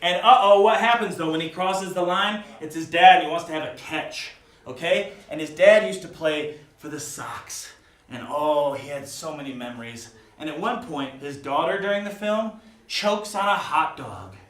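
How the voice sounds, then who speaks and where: A man co-hosting a comedic morning show, telling stories in a loud mock-earnest way with sudden shouted bits. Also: a little high, moderate pace, reverberant, distant mic. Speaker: co-host.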